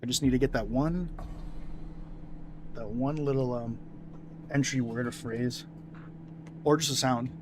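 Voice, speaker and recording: A man's voice: medium pitch, a little slow, pauses often. A man streaming a game, rambling casually to his chat with lots of fillers and restarts. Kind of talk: casual gameplay commentary. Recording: noisy background.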